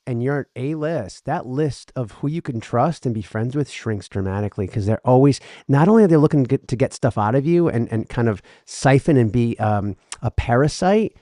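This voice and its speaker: A man's voice: mid-range voice, darkish tone, no echo, clean studio sound. A man from the Northeast US co-hosting a podcast, rambling and opinionated, full of fillers. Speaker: podcast co-host. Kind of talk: casual banter.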